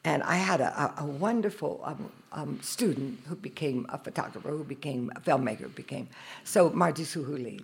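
A low, gravelly older woman tells her stories with lively energy, often acting out the voices of the people in them. Her voice is husky and rough. She speaks as a choreographer guest in a live interview. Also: fairly quick. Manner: animated storyteller acting out dialogue, laughing often. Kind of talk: live podcast interview storytelling. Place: live at a dance festival.

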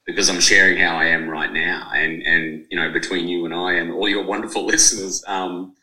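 Man in his forties, very deep voice, bright and edgy tone, rambling emotional talk, roomy sound. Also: fairly even intonation, fairly quick. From Australia. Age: 40s. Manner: rambling, emotional, lots of fillers and restarts. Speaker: author and journalist. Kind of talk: podcast interview.

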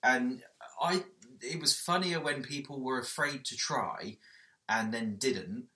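A man co-hosting a podcast in casual chat, sweary and self-mocking, with quick asides. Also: medium pitch, bright, forceful tone. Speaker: podcast co-host. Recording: roomy echo.

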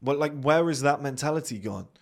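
A man's voice: fairly high pitch, expressive, fairly quick, creaky. Blunt, sweary man. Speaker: podcast host. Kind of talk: blunt motivational monologue.

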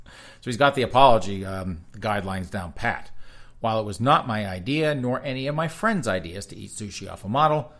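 A man's voice: fairly low pitch, a little fast. A man hosting a talk show, reading news articles aloud and breaking off into sarcastic, mocking asides. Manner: sarcastic, mocking asides between read-outs; reads articles aloud in a flat news cadence. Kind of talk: casual commentary reading headlines aloud.

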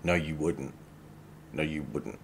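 Male podcast co-host with a low voice and a lively, swinging delivery. Casual, blunt, quick to curse. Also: gravelly, slight background noise. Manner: animated, swears freely, laughs often. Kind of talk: casual, frank chat.

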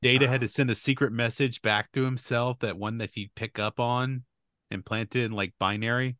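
A man co-hosting a casual podcast, working through film details at an explaining pace. His voice sits at an ordinary pitch, recorded close and dry with no room sound. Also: steady tone, moderate pace, a bit bright, no room sound. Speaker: podcast co-host. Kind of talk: casual chat.

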